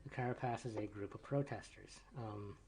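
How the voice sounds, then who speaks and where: A man with a fairly low voice plays a text adventure and reads its story aloud in a casual, off-the-cuff way. He thinks aloud as he goes, with faint keyboard typing behind him. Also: moderate pace, a little mellow, a little hiss or hum. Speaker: player reading the game aloud. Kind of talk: casual gameplay commentary.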